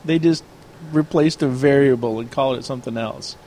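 A man's voice: mid-range voice, fairly quick, dark tone, a little hiss or hum. A man chatting casually, telling a long story and acting out both sides of an argument. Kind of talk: casual chat.

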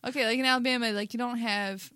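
Southern lady on a podcast, kinda high voice, dry close sound, matter-of-fact. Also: steady tone, fast talker, pushed and bright, no room sound. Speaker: podcast co-host. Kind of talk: casual podcast chat.

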